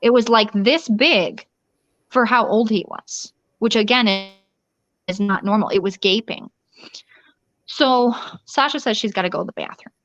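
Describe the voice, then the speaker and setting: A woman interview guest telling a personal ordeal in a rushed, urgent way, often restarting sentences and acting out quoted dialogue. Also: a little high, a bit bright, no room sound. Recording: dull lo-fi dry recording.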